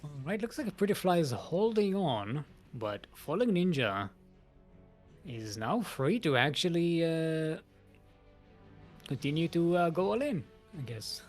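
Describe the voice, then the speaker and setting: An esports caster giving live play-by-play, animated and laughing, with frequent hesitations. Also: mid-range voice, a little slow, soft background music. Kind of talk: live game commentary.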